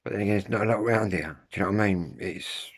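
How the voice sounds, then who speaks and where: A man with a Kent accent talks casually to his viewers, rambling through his points. He restarts his sentences often and drops slang as he goes. His voice sits a little low. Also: very fast, slightly rough. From Kent, England. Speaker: vlogger.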